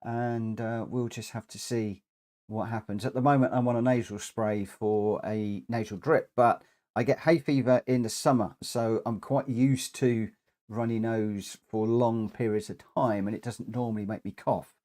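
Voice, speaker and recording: A man's voice: fairly low pitch, fairly even intonation, moderate pace, dark tone. A man chatting through a live racing game stream, rambling with frequent ums, a bit short of breath and coughing now and then. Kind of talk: live gameplay commentary.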